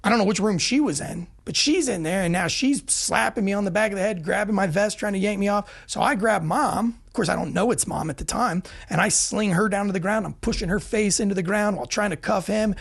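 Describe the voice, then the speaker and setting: A man with a gravelly, husky voice tells war-story style anecdotes as a podcast guest. He talks fast and animated, swears freely and trips over restarts as he mocks himself. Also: sits high. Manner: rapid, self-deprecating, frequent restarts. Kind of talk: animated storytelling, casual and profane.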